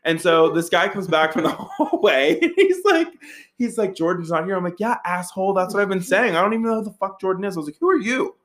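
A man telling a wild story to friends in a casual, profane, animated way, acting out the quoted lines with big jumps in his voice. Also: sits high, quick pace.

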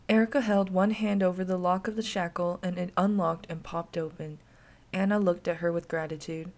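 Woman narrating grim story, calm even reading. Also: on the low side, moderate pace. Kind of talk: dark fiction reading.

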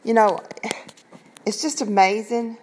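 A woman's voice: on the high side, fairly even intonation, slow, slight background noise. Woman lay preacher, earnest, chatty devotional delivery, self-recorded. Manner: earnest, conversational, rambling with many asides. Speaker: online preacher. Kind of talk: informal Bible devotional.

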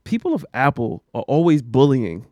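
A man hosting a casual podcast chat, animated and slangy, laughing often. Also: mid-range voice, moderate pace, no room sound. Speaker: podcast host.

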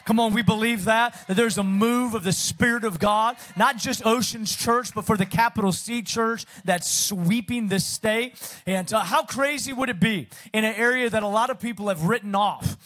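A middle-aged man with a slight Southern accent, a guest pastor opening a sermon in an energetic, chatty way with self-deprecating humor. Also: sits high, normal speed. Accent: Southern American, Texas. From Pacific Northwest of the US. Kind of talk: sermon introduction.

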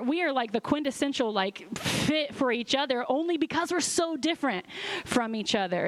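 Bubbly woman pastor, higher voice. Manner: bubbly, animated, full of laughs and voice-acted quotes. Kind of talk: sermon.

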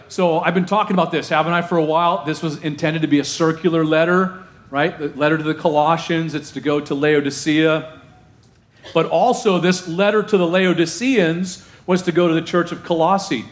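A man preaching a casual, animated sermon to his congregation, using slang and asking them questions. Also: a little high, normal speed. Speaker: pastor.

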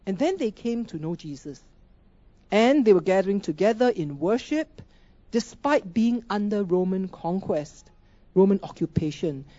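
A woman's voice: medium pitch, animated, moderate pace, dark tone, no room sound, dull audio. A woman preaching a sermon, emphatic, asking rhetorical questions and repeating key phrases.

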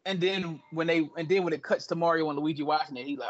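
A man co-hosts a casual gaming podcast, his voice pitched a little high. He talks in an animated way and trash-talks his friends with swagger. The audio sounds dull and lo-fi. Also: racing. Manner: animated, boastful trash talk. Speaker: podcast co-host. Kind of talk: casual chat.

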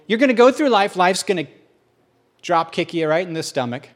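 Man, pastor, sermon, jokey, self-deprecating, chatty, fairly high voice. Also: animated, moderate pace. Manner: humorous, self-deprecating, conversational.

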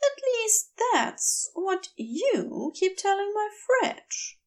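A woman voicing a polite, gently teasing male angel with a prim, raised voice, reading a storybook aloud. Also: very high-pitched, very animated, very slow, pitched above the performer's own voice, exaggerated voice.

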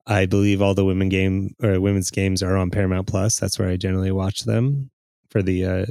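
Man, very low voice, casual football chat, dry close sound, lots of uhs. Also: little pitch movement, brisk, mellow, dry recording. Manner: chatty, hesitant with many fillers. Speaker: podcast co-host.

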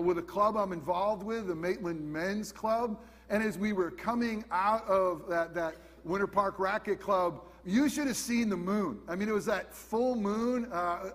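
A man's voice: high voice, a bit bright, long reverb tail. A man in his fifties preaching a sermon in a conversational, emphatic way, repeating his key questions. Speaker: pastor.

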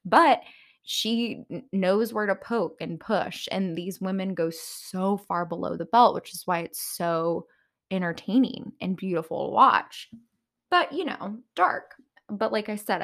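A woman hosting a podcast, giving blunt, opinionated commentary on reality TV and often laughing at herself. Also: medium pitch. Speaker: podcast host.

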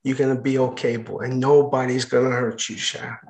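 A man quoting his heavyset old Cajun grandmother, who whispers soft reassurance in a Cajun accent. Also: medium pitch, little pitch movement, normal speed, gravelly, lightly acted. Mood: tender whisper. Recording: roomy echo.

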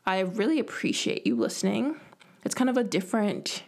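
A woman's voice: mid-range voice, sing-song, fairly quick. A young woman hosting a solo podcast, telling a rambling, self-mocking story and acting out quoted lines in a whisper. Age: young adult. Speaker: podcast host. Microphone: home podcast mic.

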